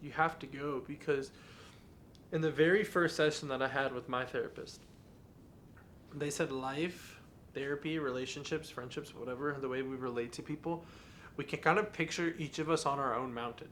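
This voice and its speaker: A man's voice: medium pitch, steady tone, moderate pace, fairly bright tone, slight background noise. Earnest young man, candid podcast talk. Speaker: podcast host. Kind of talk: casual podcast monologue.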